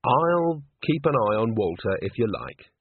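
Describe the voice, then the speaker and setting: A man reading aloud while voicing a calm young male organist who reassures gently and brushes worries aside. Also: mid-range voice, a little slow, breathy edge, no room sound, exaggerated voice. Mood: soothing. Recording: tinny narrow phone-like sound.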